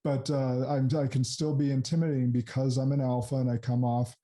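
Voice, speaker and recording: A man's voice: medium pitch, little pitch movement, fairly quick, mellow. A man in his thirties hosting a podcast, speaking in an earnest, affirming, reflective way. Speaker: podcast host. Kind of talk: casual interview chat.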